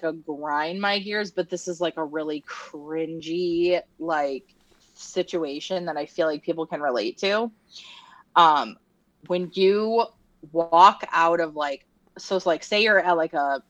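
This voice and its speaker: A woman's voice: on the low side, dry recording. A woman co-hosting a podcast in casual chat, talking loosely with many fillers. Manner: chatty, lots of "like" fillers. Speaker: podcast co-host. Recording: dull, muffled lo-fi sound.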